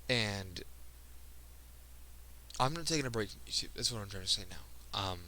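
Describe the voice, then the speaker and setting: A teenage guy talks straight to his viewers, sounding emotional. His tone is very bright and cutting, set in a fairly low register. He speaks earnestly and keeps breaking off mid-sentence to start over. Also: lively intonation, rough recording. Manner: earnest, halting, frequent restarts. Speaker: video creator. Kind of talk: personal vlog monologue.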